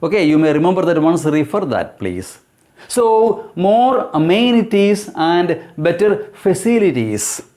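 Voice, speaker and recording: A man with a noticeably high voice talks through an exam-prep lesson as an English teacher. He explains deliberately and often stops with fillers and self-corrections as he looks for words. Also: very animated, a little mellow.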